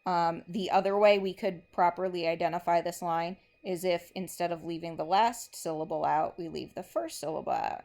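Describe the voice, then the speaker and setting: A woman's voice: lowish voice, normal speed, hardly any pauses, darkish tone. A woman English teacher giving a recorded lesson, methodically explaining step by step while marking a board.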